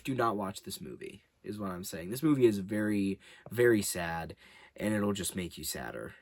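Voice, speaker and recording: A man hosting his own movie review channel, talking casually at home in a rambling, animated way with some swearing. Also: mid-range voice, dry recording.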